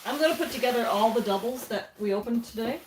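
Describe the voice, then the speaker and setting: A woman's voice: a little high, lively intonation, quick pace. A woman co-hosting a livestream, chatting drily and reading out viewer comments. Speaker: livestream co-host. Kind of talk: casual unboxing chat. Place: home basement. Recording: echoey room with clear background noise.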